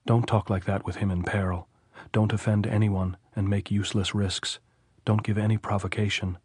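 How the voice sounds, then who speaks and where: A man's voice: on the low side, flat delivery, moderate pace, darkish tone, breathy edge, dry recording, clean studio sound. A man reading the anxious inner prayers of a frightened young woman in an audiobook, pleading and repetitive. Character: frightened young woman praying in her thoughts.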